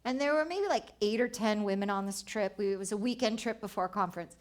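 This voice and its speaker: A woman's voice: mid-range voice, fast talker. A woman telling personal travel stories at a live event, acting out dialogue and laughing often. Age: 40s. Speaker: travel writer and speaker. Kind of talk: storytelling talk at a live event.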